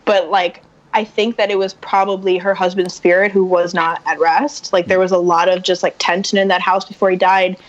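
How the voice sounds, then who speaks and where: A woman guest on a podcast telling a personal story in casual chat, animated and acting out the voices of people she quotes. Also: lowish voice, normal speed. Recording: muffled lo-fi sound.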